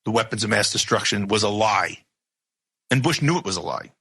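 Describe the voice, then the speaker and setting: A man's voice: lowish voice, expressive, brisk, bright, forceful tone, breathy edge. A man hosting a radio news program, talking in emphatic bursts full of rhetorical questions. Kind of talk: opinionated radio talk.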